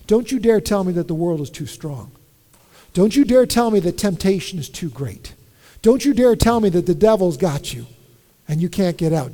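A man with a notably high voice preaches with insistent emphasis, hammering home repeated phrases and slipping into dry humor when he tells a story. His voice rings out with a long reverb, as if filling a large hall. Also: expressive, normal speed, warm tone. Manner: wry humor in personal stories. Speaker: pastor. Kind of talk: sermon.

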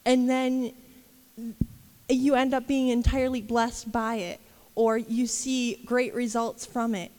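High-voiced woman giving a rambling devotional talk. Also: flat delivery, slow, dark tone. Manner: candid, rambling, with many fillers and laughs. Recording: long reverb.

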